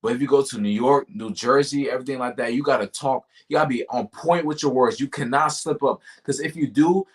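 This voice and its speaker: A man's voice: medium pitch, fairly quick, few pauses, slightly rough. A man being interviewed about his sales job, talking casually and animatedly, full of slang like "yo" and "bro". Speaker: guest, tech sales rep.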